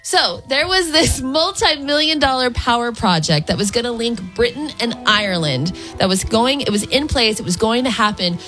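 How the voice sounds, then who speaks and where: An excitable woman co-hosting a morning radio show, speaking on a studio microphone. Her voice sits a little high, with faint music underneath. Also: normal speed, hardly any pauses. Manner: chatty, excitable storyteller.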